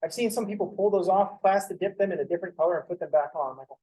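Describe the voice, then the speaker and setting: A man's voice: high voice, very fast, warm tone, poor audio. Joking, rambling young male math lecturer. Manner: joking, rambling, swears casually. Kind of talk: casual classroom lecture with joking asides. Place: classroom.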